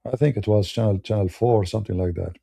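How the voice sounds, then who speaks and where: A man's voice: fairly low pitch, fast talker, creaky, mellow, husky. A man from the Middle East with a Middle Eastern accent, delivering a blunt, scornful monologue in broken English. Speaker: debater. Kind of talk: heated ranting monologue.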